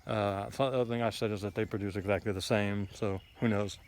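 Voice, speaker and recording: Talking fast in a lowish, slightly mellow voice with fairly even intonation, a man shows viewers around his garden outdoors for his homesteading vlog. His tour rambles casually, and he's blunt, opinionated, and given to ums and tangents.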